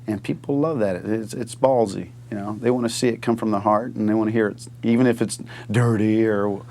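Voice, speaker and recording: A man's voice: lowish voice, steady tone, brisk, vocal fry, a little mellow. A man interviewed for a documentary, talking emphatically about a comedian's appeal. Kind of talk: interview reflection.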